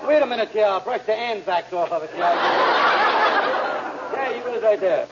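An actor playing a smooth-talking male schemer who poses as a foreign sheep herder, stalling with uhs and slangy, ungrammatical talk, in 1940s radio comedy acting. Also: sits high, expressive, normal speed, highs cut off, over a noisy crowd. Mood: scheming. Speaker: comic lead in a radio sitcom. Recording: scratchy old radio broadcast with hiss.

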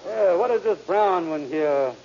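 An actor playing a smooth-talking male schemer who poses as a foreign sheep herder, stalling with uhs and slangy, ungrammatical talk, in 1940s radio comedy acting. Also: high voice, lively intonation, a little slow, dark tone, highs cut off, heavily acted. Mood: scheming. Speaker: comic lead in a radio sitcom. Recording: scratchy old radio broadcast with hiss.

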